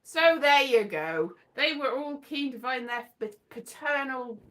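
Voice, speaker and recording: A middle-aged woman chatting casually, rambling from one story to the next, animated, breaking into little cheers and snatches of song. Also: high voice, a little slow. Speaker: vlogger. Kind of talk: casual chat.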